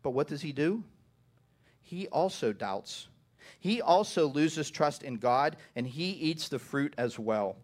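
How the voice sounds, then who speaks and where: Man preaching a sermon, slightly high voice, repeats words, asks "right?". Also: animated, slow. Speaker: pastor.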